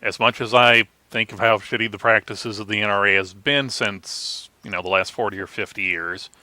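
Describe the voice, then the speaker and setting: A man's voice: on the low side, steady tone, moderate pace, pushed and bright, dry recording. A man co-hosting a casual live chat, telling wry stories.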